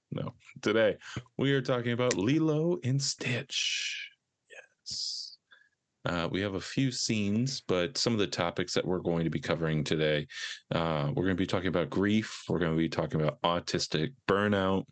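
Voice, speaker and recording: A man hosts a casual podcast in a deep, low voice, keeping things loose and jokey. The sound is dry and close, with no room behind him. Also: dry recording. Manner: joking, laid-back, fast introductions. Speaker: podcast host.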